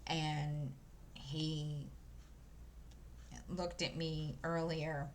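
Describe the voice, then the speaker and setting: Stitching as she talks, this woman in her 50s runs a crafting channel and rambles to viewers with frequent fillers and restarts. She has a deep voice with a flat delivery and drawn-out words, and her desk microphone carries a little hiss or hum.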